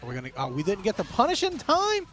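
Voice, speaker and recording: A man's voice: high voice, wildly swooping pitch, quick pace, fairly bright tone. A man co-hosting a fighting game watch party in an easygoing, chatty way. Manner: easygoing, chatty, reads chat aloud. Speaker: co-host commentator. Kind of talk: casual fighting game co-commentary. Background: music.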